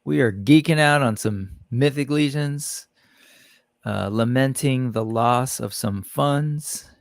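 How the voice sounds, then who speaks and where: A man hosting a casual livestream talks slowly in a medium-pitched, creaky voice, with no room sound. He chats about toy reveals and greets viewers in the chat by name.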